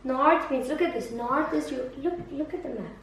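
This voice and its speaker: A high-pitched woman with vocal fry talks at a normal speed, leading a student through a map lesson one on one. Patient and encouraging, she repeats prompts and praise, heard distantly in an echoey room with faint noise.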